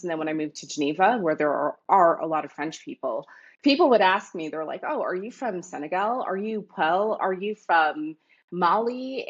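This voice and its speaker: A woman from Canada speaks as an interview guest, with a low, husky voice. She tells stories in an animated, thoughtful way, with plenty of fillers. The recording sounds dull and lo-fi. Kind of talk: casual interview talk.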